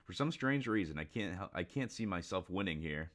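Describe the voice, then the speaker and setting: A man's voice: sits low, lively intonation, normal speed, a bit bright. A man hosting a casual live reaction to a comic chapter, reading it aloud, laughing often and talking with many fillers and restarts. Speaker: manga reaction host.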